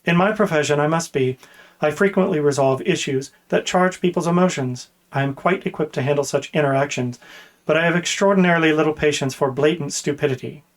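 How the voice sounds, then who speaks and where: A man voicing a patient guard captain, speaking in a flat, measured, unhurried way. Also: on the high side, close to an everyday voice. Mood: flatly stern. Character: calm, patient male guard captain, coolly stern.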